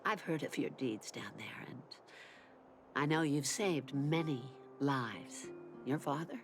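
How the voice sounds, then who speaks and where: A woman's voice: extremely low pitch, animated, takes it slowly, exaggerated voice. A middle-aged woman voicing a comforting mother in a game, speaking in a soothing, reassuring way. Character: warm, comforting mother of a grown daughter. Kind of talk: game dialogue. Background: game music.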